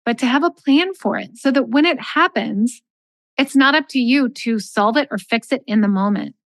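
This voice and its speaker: A middle-aged woman, a life coach, giving calm, measured advice in a podcast interview and acting out sample lines of dialogue. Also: fairly high pitch, no room sound.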